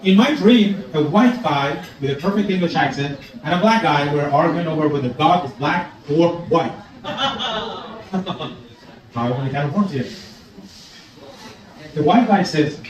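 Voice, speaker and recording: A man in his sixties doing a stand-up comedy set in a club, animated and acting out voices in his jokes. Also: a little high, measured pace, long pauses. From Iran. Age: 60s. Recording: roomy club sound from a distance, audience laughter.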